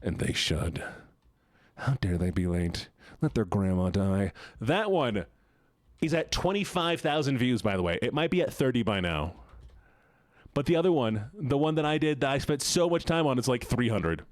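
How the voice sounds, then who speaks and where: A man's voice: medium pitch, sing-song, moderate pace, dry recording. A man streaming a game live, chatting casually with his chat, joking and laughing often, at a desk mic at home.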